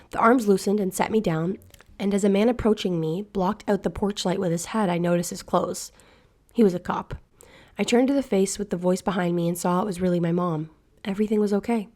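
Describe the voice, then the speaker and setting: A woman narrating a scary internet story in a hushed, slow, measured way. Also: lowish voice. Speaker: narrator reading a horror story. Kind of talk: scripted horror narration.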